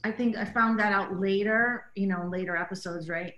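A woman with a bright, forceful voice talks through her memories as a director, full of "like" fillers and quoted asides. Her voice rings in a roomy, echoing space, as over a video call. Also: medium pitch, normal speed. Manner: chatty storyteller, many "like" fillers, acts out quotes. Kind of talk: casual interview chat. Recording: roomy echo.

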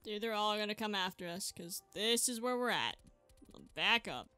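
Excitable bright-voiced woman gaming host. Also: medium pitch, normal speed, clean tone. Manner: excitable, yelps and exclaims mid-game, chatty to viewers. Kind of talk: gameplay commentary. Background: faint background music.

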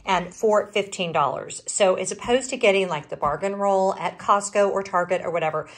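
A woman's voice: mid-range voice, normal speed. A middle-aged woman with a Southern US accent, chatting casually in a vlog about her shopping haul, often breaking off mid-sentence. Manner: rambling, self-interrupting. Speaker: vlogger.

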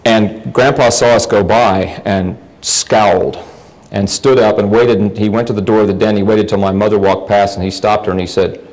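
A man's voice: lowish voice, steady tone, normal speed, a little mellow, rough recording. A middle-aged man from the United States giving a lecture, telling family anecdotes with wry humor and frequent restarts. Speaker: guest lecturer.

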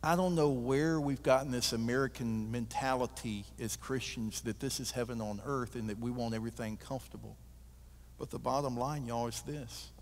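Man preaching, animated storyteller, reverberant sanctuary. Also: medium pitch, moderate pace. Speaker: guest preacher. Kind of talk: sermon with storytelling.

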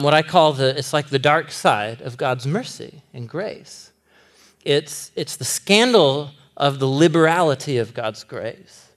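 A man delivers a lively sermon to a room full of listeners, with a voice pitched a bit above the usual. He is animated and laughs often. He acts out the characters' lines as he goes. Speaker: pastor.

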